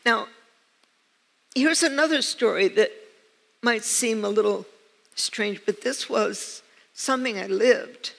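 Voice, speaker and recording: An older American woman, a pastor, preaches a sermon in a church sanctuary, her fairly high, slightly bright voice creaky and slow with frequent pauses. She tells personal stories with earnest, emphatic repetition, and long church reverb trails her words.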